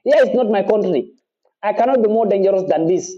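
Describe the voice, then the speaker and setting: A man with a Gambian accent talks straight to his followers in a passionate, defiant monologue. His voice sits high for a man, and he drives his points home by repeating them and swearing oaths. The recording sounds dull and lo-fi. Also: fairly quick. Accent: Gambian English. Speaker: activist speaking to his followers. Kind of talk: impassioned monologue.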